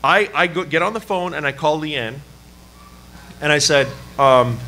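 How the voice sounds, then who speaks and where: Male pastor, Canadian-raised, animated self-deprecating sermon storyteller, slightly high, bright tone. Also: measured pace, a little hiss or hum. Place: church service.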